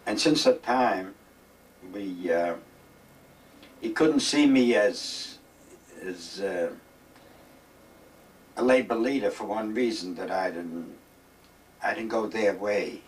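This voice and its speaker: A man's voice: fairly low pitch, slow pace, pauses often, recorded from a distance, a little hiss or hum, poor audio. An older man being interviewed, reminiscing in a rambling, emphatic way and acting out the dialogue of his old stories. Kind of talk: reminiscing storytelling. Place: retirement village home.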